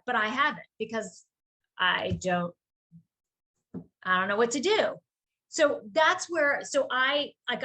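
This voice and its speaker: A woman who runs a small business, chatting casually on a group video call and telling a rambling, animated story. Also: a little high.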